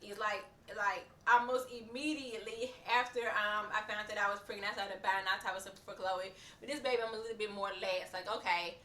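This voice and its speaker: Bright-voiced chatty woman in an echoey room. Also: medium pitch, steady tone, fairly quick, few pauses, far from the mic. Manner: chatty, rambling, many fillers and restarts. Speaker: vlogger. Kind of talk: casual pregnancy update vlog.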